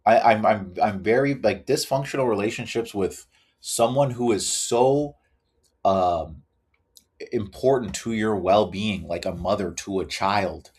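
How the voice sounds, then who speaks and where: A man's voice: lowish voice, unhurried, a little mellow, breathy edge. A man hosting a reaction video, ranting bluntly with plenty of swearing and repeated "guys". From Canada. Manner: blunt and profane, keeps addressing viewers as guys. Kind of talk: ranting commentary.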